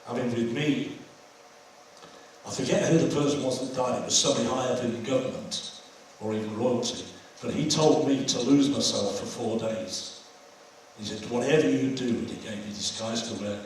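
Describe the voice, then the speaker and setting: A man's voice: mid-range voice, moderate pace, darkish tone, a little hiss or hum. An older man hosting an audience Q&A after a film screening, telling chatty anecdotes. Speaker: host taking audience questions. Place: screening hall. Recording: echoey hall from far off.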